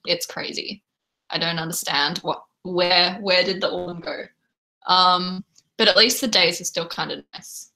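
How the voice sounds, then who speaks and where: Australian accent, woman, young adult, bright voice, chatty livestream host, reads and answers chat. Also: lowish voice. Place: home room.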